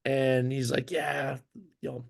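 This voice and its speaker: A Minnesota man who once played pro hockey as a goalie tells a long story in a casual interview. His medium-pitched voice moves slowly with vocal fry, and he's animated and rambling, packing in fillers and restarts.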